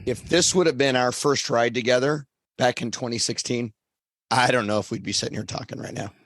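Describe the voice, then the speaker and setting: A man co-hosts a casual podcast chat, and his voice is still hoarse. He speaks in a relaxed, thoughtful way, pausing on fillers as he works out what to say. The sound is close and dry. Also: medium pitch, no room sound. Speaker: podcast co-host.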